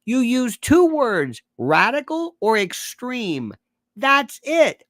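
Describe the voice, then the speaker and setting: A man rants sarcastically about politics in a lively, swooping voice that jumps from shouts to low mutters. He sounds close to the microphone in a dry, unechoing space. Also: dry recording. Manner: sarcastic, mocking, puts on quick voices of others. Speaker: political commentator. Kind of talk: animated political rant.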